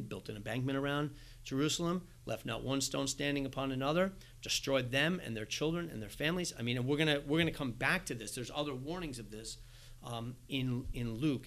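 A man preaching a sermon, animated, acting out little dialogues with asides. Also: medium pitch. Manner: animated, acts out quoted exchanges with asides and laughs. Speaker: pastor.

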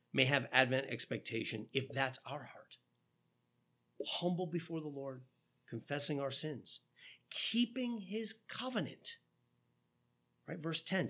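A man's voice: sits high, bright, forceful tone. A man preaching a sermon as pastor, earnest and full of rhetorical questions. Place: church.

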